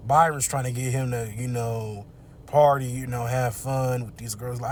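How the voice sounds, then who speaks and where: A man recaps a movie while sitting in his car, talking in a loose, slangy way. His voice sits at a middling pitch. He chuckles often and drifts off on side remarks. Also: fairly even intonation, moderate pace, a little hiss or hum. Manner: laid-back, slangy, chuckling.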